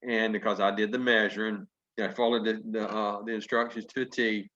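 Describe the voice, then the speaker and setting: A man telling a folksy story to an audience, lively and chuckling as he acts out what people said. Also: fairly low pitch, a little fast. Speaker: business testimonial speaker. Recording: dull lo-fi conference call audio.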